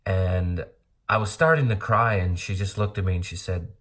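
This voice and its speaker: A middle-aged man from Montana speaks in a fairly low voice. His talk is earnest and rambling. He is blunt and drops the odd curse as he thinks out loud in a personal monologue. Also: steady tone, normal speed. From Montana, USA. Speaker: vlogger.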